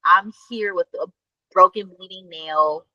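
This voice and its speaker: A woman co-hosting a podcast, telling a story in casual chat, animated and full of fillers and swearing. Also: on the low side, a little slow, no room sound, highs cut off. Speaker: podcast co-host.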